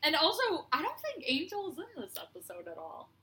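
Bright high-voiced woman recapping a show. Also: huge pitch swings, a little fast. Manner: chatty, recaps scenes with playful quoted lines and laughs. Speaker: podcast co-host. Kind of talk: casual recap chat.

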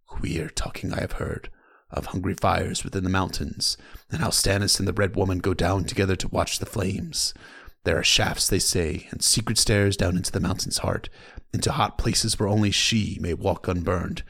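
A crafty old seafaring rogue, voiced by a man murmurs warnings in odd, stilted phrases. The voice is gravelly and sits low, with a furtive storybook menace. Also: steady tone, normal speed, fairly bright tone, full character voice. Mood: hushed. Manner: stilted foreign-sounding phrasing, conspiratorial. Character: sly old male pirate captain.

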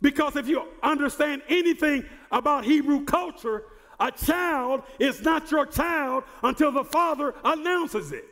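High-voiced pastor preaching in a hall. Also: male voice, a little slow. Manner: preaching with rising, shouted emphasis; repeats words and stumbles on starts. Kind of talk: sermon.

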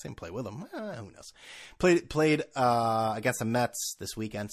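A man's voice: medium pitch, animated, moderate pace. A man hosting a podcast, ranting sarcastically with profanity, stammering restarts and laughs at his own jokes. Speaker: podcast host. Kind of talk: casual ranting monologue.

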